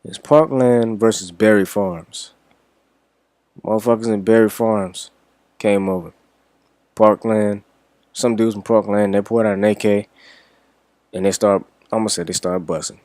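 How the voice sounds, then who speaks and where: Laid-back young man, lowish voice. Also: fairly even intonation, measured pace, pauses often, a little mellow, no echo. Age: young adult. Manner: rambling, profane, laid-back. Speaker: reaction vlogger. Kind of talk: casual storytelling.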